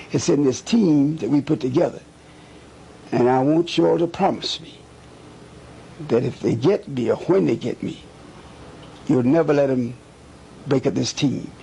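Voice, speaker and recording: An older man speaks in a deep, mellow voice with a gravelly, raspy edge. He talks earnestly and deliberately and leans on emphatic repetition as he recalls his years in the civil rights movement. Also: poor audio. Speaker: former civil rights activist recounting memories. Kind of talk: recorded recollection.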